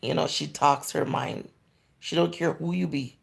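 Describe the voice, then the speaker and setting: Very gravelly Jamaican woman in her forties. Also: deep voice, steady tone, normal speed. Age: 40s. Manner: chatty and candid, slipping into patois. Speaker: livestream host. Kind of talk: casual live chat answering viewer comments.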